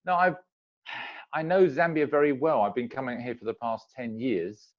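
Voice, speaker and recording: A man's voice: medium pitch, fairly even intonation, moderate pace, dull audio. A man, a guest on a video call, chatting casually and acting out little everyday exchanges. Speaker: interview guest. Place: home in Zambia.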